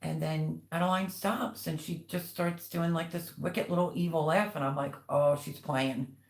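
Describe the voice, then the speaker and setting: A woman's voice: low voice, steady tone, moderate pace, echoey room. An older woman hosting a live stream, telling rambling family stories and reading out viewers' comments in casual chat. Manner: chatty, rambling storytelling. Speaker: livestream host.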